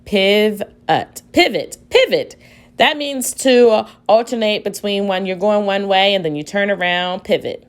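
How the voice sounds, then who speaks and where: A woman teacher slowly sounding out word syllables aloud in a phonics lesson. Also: medium pitch, smooth.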